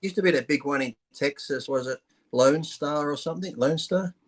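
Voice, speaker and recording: A man, a retired pro bodybuilder, chatting casually in a relaxed, rambling way and swearing now and then. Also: fairly high pitch, moderate pace. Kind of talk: casual chat.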